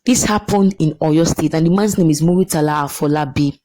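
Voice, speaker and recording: Low-voiced Nigerian woman commenting on news. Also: brisk, dark tone, low-quality recording. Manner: emotional, repeats phrases, mixes in pidgin.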